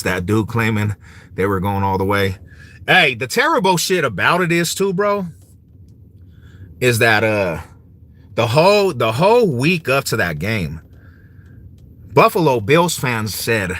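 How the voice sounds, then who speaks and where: A man's voice: medium pitch, pushed and bright. A man ranting in a casual vlog, mocking and swaggering, full of slang and frequent laughs. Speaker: vlogger. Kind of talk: casual trash-talking rant.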